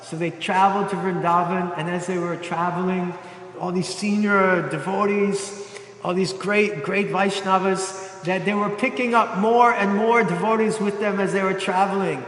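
High-voiced man telling a sermon story. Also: normal speed. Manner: animated storyteller, acting out quotes. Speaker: preacher. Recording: echoey hall.

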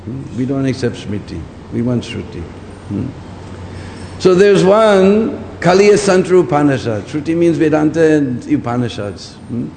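With big pitch swings and a measured pace, a preacher speaks in a voice that is on the high side, creaky and a little mellow. His scriptural lecture repeats its points and is punctuated by "hmm?" to check on listeners. The sound has a long hall reverb and faint background noise.

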